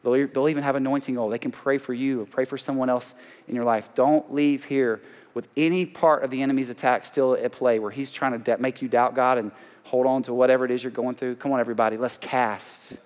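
Emphatic Southern preacher in a big hall. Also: male voice, medium pitch, fairly even intonation, fairly quick, darkish tone. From Alabama. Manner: emphatic preaching with call-outs to the congregation. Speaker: pastor. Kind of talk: sermon. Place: large church auditorium. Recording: long hall reverb.

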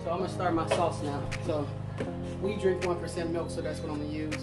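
Loud music plays behind a woman with a deep voice and fairly even intonation as she briskly chats through her family vlog. The mom cooks in her kitchen at home, talking casually to viewers with lots of laughs.

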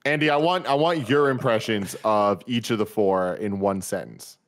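A man hosting a podcast who steers the casual chat with quick prompts. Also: lowish voice. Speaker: podcast host.

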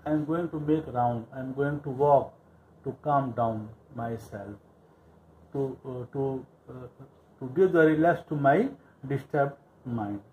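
A man's voice: mid-range voice, unhurried, a little mellow, slight background noise, poor audio. A male teacher explaining a play line by line. He reads each line, then paraphrases it, repeating phrases with many fillers.

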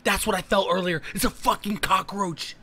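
A man's voice: sits high, fairly even intonation, normal speed, sharp tone, slightly rough. A man streaming live from his room, talking straight to his viewers in a jumpy, swearing way. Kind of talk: casual live-stream chat. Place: home room.

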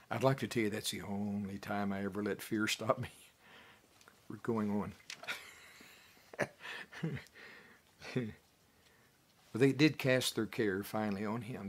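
A pastor preaching a folksy, animated sermon, chuckling as he talks it through. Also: on the low side, a little hiss or hum. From United States. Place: church.

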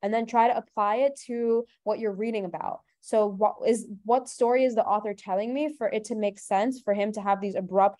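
A woman tutor teaching an online webinar, explaining briskly and asking rhetorical questions as she goes. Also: mid-range voice, a little mellow.

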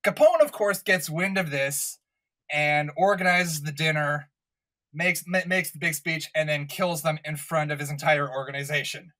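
A man's voice: fairly high pitch, moderate pace, pushed and bright. A tipsy man on a podcast, recapping a film plot and laughing easily in casual chat. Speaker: podcast host.

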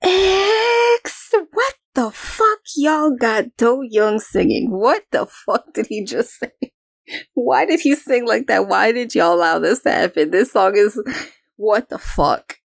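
A woman reacting to an album in casual commentary, excitable, swearing a lot and breaking into exclamations and laughter. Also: fairly high pitch, slow, creaky, husky, dry recording. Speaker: music reaction host. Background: song playing faintly.

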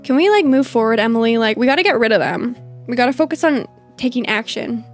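A woman's voice: on the high side, animated, quick pace. A woman streaming a game in casual commentary, bubbly and gushing, laughing often. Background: faint game music.

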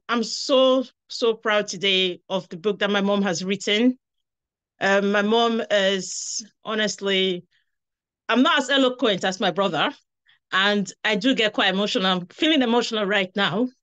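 A woman giving a heartfelt, halting tribute over a video call, drawing out her words. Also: mid-range voice, sharp tone, smooth. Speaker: guest speaker, daughter of the author. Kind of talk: emotional tribute speech.

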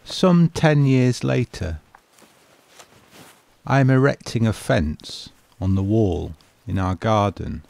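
Slow, gravelly-voiced man narrating. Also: on the low side, a little mellow. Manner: measured, wistful storytelling. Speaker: home renovation vlogger.

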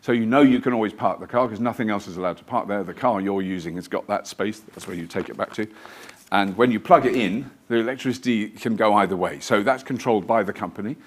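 A guest lecturer speaks live to an audience in a museum lecture theatre, telling stories in a chatty, rambling, self-deprecating manner. His voice is fairly low and his pace quick.

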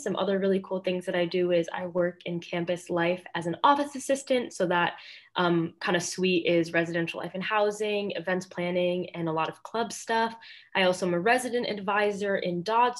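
A woman's voice: fairly low pitch, brisk. A young woman student from Connecticut introducing herself on a panel, upbeat and chatty. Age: young adult. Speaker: student staff member.

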